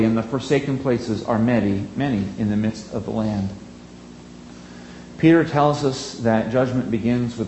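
A man preaching a sermon in an earnest, emphatic way, drawing out key words and pausing for effect. His voice sits at an ordinary middle pitch. It rings through a reverberant church space over a faint steady hum.

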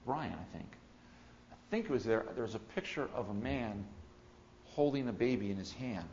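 A man preaching a sermon in a mid-pitched voice, explaining a text and then building to bold proclamation. He drops to soft, musing tones, then rises to loud, ringing emphasis. The recording is slightly dull and lo-fi. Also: lively intonation, normal speed, a little hiss or hum. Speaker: pastor. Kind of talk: expository sermon.

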